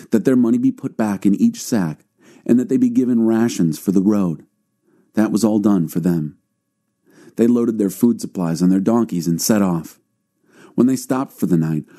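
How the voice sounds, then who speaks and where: A man reading scripture aloud in a calm, measured narration. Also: on the low side. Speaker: audio Bible reader.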